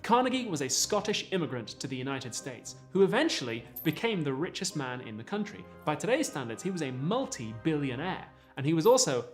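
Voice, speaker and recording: A man narrating a scripted video essay in an earnest, measured way. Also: a little high. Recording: narration with faint background music.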